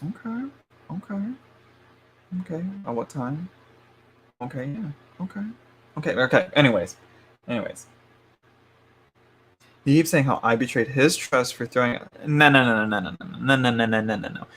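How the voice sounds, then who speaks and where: A man's voice: mid-range voice, lively intonation, moderate pace, long pauses, fairly bright tone, slight background noise. A man doing a casual live-stream tarot reading, chatty and frank, laughing often and sometimes dropping to a murmur. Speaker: tarot reader.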